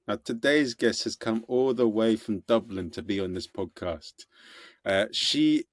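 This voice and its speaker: A man's voice: medium pitch, dry recording, clean studio sound. A man from the UK hosting a comedy podcast, jokey and bumbling through his introductions. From United Kingdom. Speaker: podcast host. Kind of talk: casual podcast interview.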